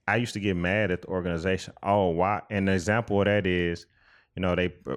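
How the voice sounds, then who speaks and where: A man's voice: low-pitched, flat delivery, brisk. A man co-hosting a podcast, talking earnestly and reflectively in a casual chat, with many restarts. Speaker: podcast co-host.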